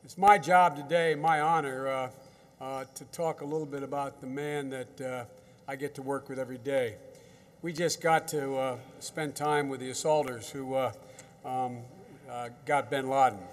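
A man's voice: mid-range voice, fairly even intonation, normal speed, in a large hall. An older American man giving a folksy, rambling off-the-cuff speech to soldiers at a ceremony, with many restarts and repeated words. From United States. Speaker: government official addressing troops.

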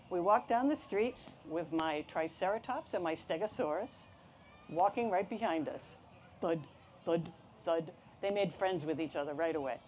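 A woman reading a picture book aloud to children, telling the story in an expressive, animated way. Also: on the low side, a little slow, slight background noise.

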